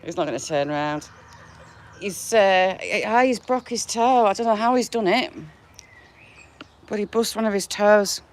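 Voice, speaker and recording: A woman's voice: mid-range voice, a little slow, pauses often. A woman chatting on a livestream while she feeds her chickens, affectionate and often laughing. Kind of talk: casual live chat with viewers. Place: outdoors in a chicken run. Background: chickens clucking and a rooster.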